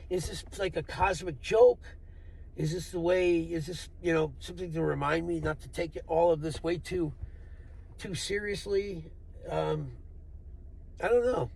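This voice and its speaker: A man's voice: a little high, vocal fry, husky. A man telling a rambling, profane, wry story in a casual monologue, recorded in a vehicle. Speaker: vlogger.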